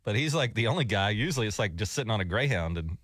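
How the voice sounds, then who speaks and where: A man's voice: lowish voice, animated, quick pace, a bit bright, no room sound, clean studio sound. A man hosting a morning radio show, chatting in an easygoing way and reading station promos. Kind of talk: casual radio banter.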